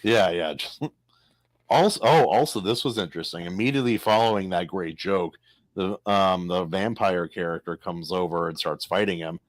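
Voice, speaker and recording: A man co-hosting a casual podcast about a comic, excitable, often jumping up in pitch and restarting his sentences. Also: normal speed, dry recording. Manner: excitable, jumps in with rising pitch, stumbles and restarts. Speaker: podcast co-host.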